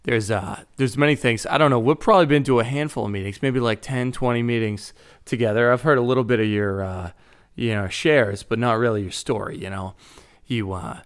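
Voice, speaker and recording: A man from Boston speaks with a clear, smooth, resonant voice at an ordinary pitch. He shares his story casually as a podcast co-host, trailing off and restarting often. His delivery is loose and full of fillers. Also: brisk. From Boston, Massachusetts. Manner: rambling, many fillers and restarts. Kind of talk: casual recovery-meeting share.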